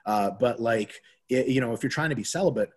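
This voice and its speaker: Talking a little quickly in a husky, medium-pitched voice, a man chats casually on a podcast in the role of a diet coach. He curses freely and animates his stories by performing the voices he quotes.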